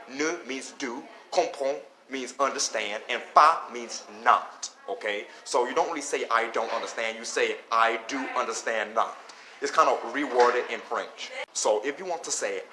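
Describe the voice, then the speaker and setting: A man teaches a beginner lesson in a loose, repetitive way, often checking in with "okay?". His voice is bright and sits at an ordinary pitch. He was recorded in an echoey room with a faint hiss behind him. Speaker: language teacher. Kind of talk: casual spoken lesson.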